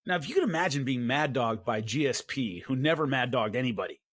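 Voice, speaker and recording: Guy cohosting a podcast, animated storyteller, dry close mic, mid pitch. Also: fast, dry recording. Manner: animated storyteller, acts out quotes. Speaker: podcast co-host and MMA commentator. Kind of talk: casual podcast chat.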